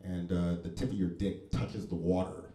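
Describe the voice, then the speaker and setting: A man doing a stand-up set in a comedy club, deadpan and wry, with very crisp, proper diction. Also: sits low, moderate pace. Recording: echoey club room.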